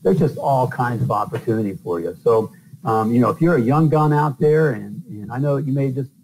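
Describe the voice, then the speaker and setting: A middle-aged plumber and podcast host from the northern US tells stories in a casual interview, rambling loosely with lots of fillers. His medium-pitched, slightly mellow voice is brisk with lively intonation, though the audio is poor and carries slight background noise.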